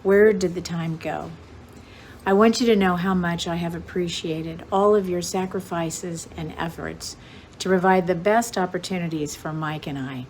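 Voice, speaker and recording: Woman in her 70s, lowish voice, grateful, reminiscing, faint background noise. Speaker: daughter giving tribute. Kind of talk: prepared tribute speech.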